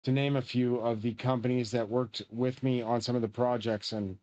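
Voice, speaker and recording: A man's voice: mid-range voice, steady tone, moderate pace, a little mellow, muffled recording. A man streaming a shooter game, rambling on in a profane, grandiose way. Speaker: livestreamer playing a shooter game. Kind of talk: rambling live-stream chat.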